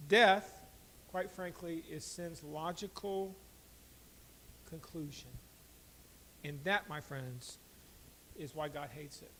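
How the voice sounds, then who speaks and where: A man preaching a sermon as pastor, swinging between loud emphatic lines and quiet asides, asking the congregation direct questions. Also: a little high, slow, pauses often, a little hiss or hum, low-quality recording.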